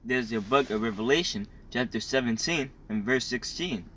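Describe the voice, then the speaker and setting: A man reading Bible verses aloud in a measured, formal way, first announcing book, chapter and verse. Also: medium pitch, sharp tone, rough recording. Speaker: scripture reader.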